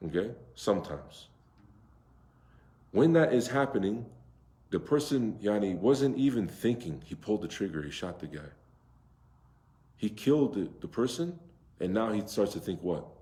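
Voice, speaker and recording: An imam teaches an interactive Quran recitation class, explaining slowly, drawing out Arabic words and asking his students questions. His voice is low, mellow and expressive. The room echoes around him.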